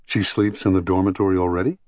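A man's voice: sits low, little pitch movement, fast talker, darkish tone, dry recording, close to an everyday voice. A man reading an audiobook voices a reserved adult man, a father back from long travels, who speaks in short, dry, understated replies. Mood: terse.

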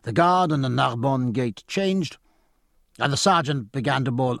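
A man narrating a story in a measured storytelling manner. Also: mid-range voice, expressive, vocal fry, a bit bright, no room sound, clean studio sound. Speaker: audiobook narrator. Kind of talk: scripted narration.

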